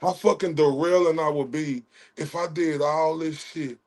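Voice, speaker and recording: A man hosting a livestream, ranting in a heated, profane way and swinging between loud outrage and quiet apologies. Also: a little high, fairly even intonation, normal speed. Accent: Southern US. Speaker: livestream host.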